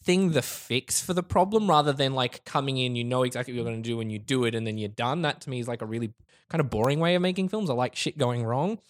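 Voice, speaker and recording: A man, a filmmaker chatting casually with friends and telling animated stories about making films. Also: mid-range voice. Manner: fast, animated storytelling with frequent laughs and swearing. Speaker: filmmaker and director. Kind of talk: casual chat among friends.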